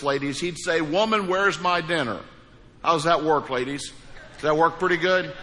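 Preacher guy, folksy and emphatic, fairly high voice, echoing sanctuary. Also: pushed and bright. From Missouri, USA. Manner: folksy storytelling, emphatic repeated phrases. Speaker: pastor. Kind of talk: sermon with a joke. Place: church sanctuary. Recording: large hall with long reverb.

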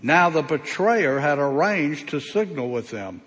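A man preaching a sermon as pastor, speaking with slow, emphatic delivery and long pauses. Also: on the high side, expressive, a bit bright, long reverb tail.

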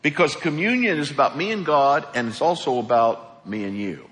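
Animated pastor in a reverberant hall. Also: male voice, a little high, moderate pace. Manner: animated, acts out voices in his stories. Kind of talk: sermon.

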